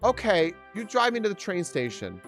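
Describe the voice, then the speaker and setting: A man's voice: high-pitched, very animated, moderate pace, a bit bright, soft background music, pitched above the performer's own voice, exaggerated voice. A man voicing an insistent strange woman who keeps demanding a ride, in a pushy, repetitive way. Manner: pushy, repeating herself.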